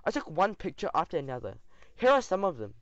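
Animated man narrating an audiobook. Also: on the high side, fast talker, dry recording. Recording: dull dry audio.

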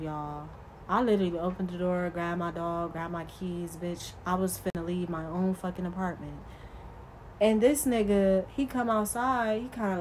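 A woman's voice: lowish voice, darkish tone, a little hiss or hum, low-quality recording. A woman vlogger telling a casual storytime, profane and emphatic, talking straight to her viewers.

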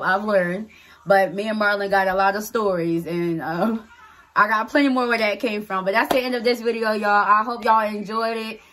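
A woman vlogger telling a personal story in a casual, blunt way, swearing freely and acting out what people said. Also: medium pitch. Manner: animated, blunt, swears freely, acts out dialogue.

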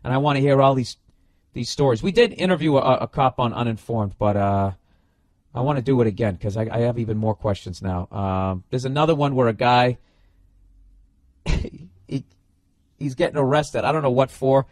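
A man's voice: mid-range voice, normal speed, no room sound, studio quality. A middle-aged man hosting a podcast, telling stories and ranting casually with lots of swearing and loose restarts. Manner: profane, animated, loose storytelling. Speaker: podcast host.

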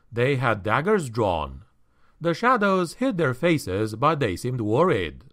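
A man reading a fantasy audiobook in a measured, expressive storytelling manner. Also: mid-range voice. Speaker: audiobook narrator. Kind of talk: scripted fantasy audiobook narration.

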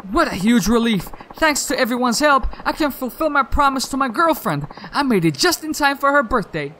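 Stammering nervous game boyfriend, read by a man; bright, animated delivery. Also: very high voice, brisk, slight background noise, exaggerated voice. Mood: grateful. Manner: hesitant, stammering. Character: shy young man, nervous guilty boyfriend.

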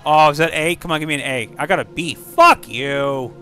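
A man giving casual let's-play commentary over a video game, excitable and profane, breaking into silly rhymes and sound effects. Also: a little high, moderate pace, faint music behind. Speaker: gaming channel host.

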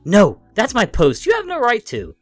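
A man voicing an angry elderly hoarder who shouts in a shrill, indignant voice. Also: wildly swooping pitch, fairly quick, no echo, faint music behind. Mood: outraged.

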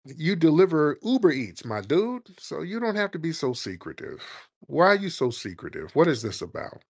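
Brief: male talk-radio host, blunt and confrontational, lively delivery, dry booth sound. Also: a little high, moderate pace, husky, no room sound. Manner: blunt, mocking, profane.

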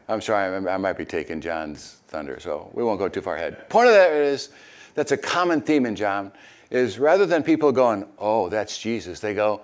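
An older man, a retired pastor, preaching a sermon and reading scripture, with hesitant asides full of fillers and sudden animated bursts. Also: moderate pace. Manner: animated, jumps high and loud when acting out crowd voices.

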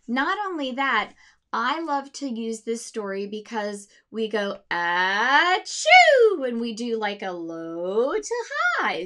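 Slow, expressive woman music teacher. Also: fairly high pitch. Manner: expressive, demonstrates voices and sounds for students. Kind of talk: teacher demonstrating a storybook lesson.

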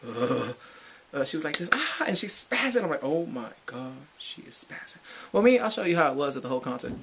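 A man giving a casual fan recap vlog, excitable and swinging between whispers and shrieks. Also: on the high side, fast, gravelly, noisy background. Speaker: fan vlogger.

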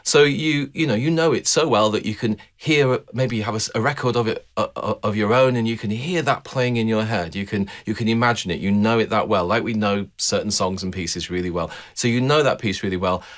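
A man's voice: fairly low pitch, fairly quick, hardly any pauses. A man giving an explanatory talk about music to a camera, thoughtful and conversational, often restarting phrases and asking rhetorical questions. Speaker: music teacher.

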